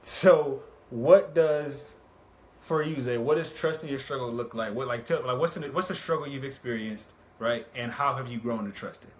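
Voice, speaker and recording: A man's voice: mid-range voice, normal speed. A young man hosting a casual live talk show, upbeat and chatty, often repeating words. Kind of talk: casual live-stream chat.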